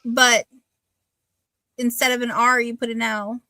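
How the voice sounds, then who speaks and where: A woman's voice: on the high side, level tone, measured pace, bright, forceful tone, no room sound. A woman co-hosting a live online vintage sale, describing the item's size and maker in a chatty way. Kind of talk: casual live sale chat.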